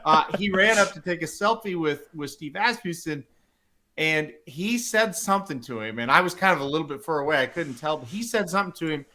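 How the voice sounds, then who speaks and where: A man co-hosting a casual podcast, telling animated stories and laughing often. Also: fairly high pitch, brisk. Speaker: podcast co-host, site owner.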